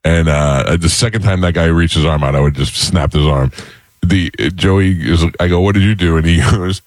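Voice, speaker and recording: A middle-aged male host with a very low voice tells a rambling, animated story, slipping into little impressions of the people involved. The sound is dry and close, with no room around it. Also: moderate pace, no room sound. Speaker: radio show host. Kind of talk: casual storytelling chat.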